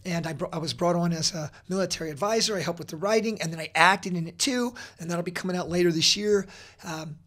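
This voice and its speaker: Earnest, energetic man. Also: high voice, fast. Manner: earnest, energetic, with many fillers and restarts. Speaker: podcast guest. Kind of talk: casual interview talk.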